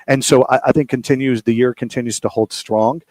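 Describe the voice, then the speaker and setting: A man's voice: mid-range voice, fairly even intonation, a little fast, a little mellow, dry recording. A man with an Ohio accent co-hosting a radio show, talking casually with frequent fillers. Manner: chatty, many fillers and restarts.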